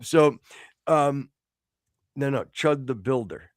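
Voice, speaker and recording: A man's voice: medium pitch, slow, dry recording, studio quality. A middle-aged American man hosting a casual live-stream talk show, rambling with stammered restarts and bursts of mock exasperation. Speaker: podcast host.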